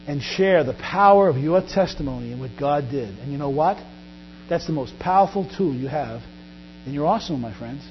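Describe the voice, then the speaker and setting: A man preaching a sermon as pastor, animated, often acting out Bible scenes in quoted voices. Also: high voice, normal speed. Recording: dull lo-fi recording with faint mains hum.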